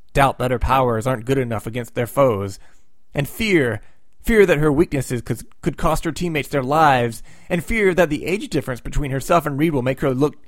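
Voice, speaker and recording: A man's voice: mid-range voice, no room sound, clean studio sound. A man hosting a comic book recap, retelling the plot with sarcastic, wry asides.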